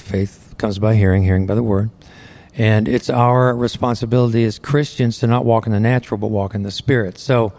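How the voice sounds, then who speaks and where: A man's voice: lowish voice, darkish tone. A middle-aged man, a Christian singer, earnestly tells his testimony in a conversational way, often saying "you know", on a close studio microphone. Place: recording studio.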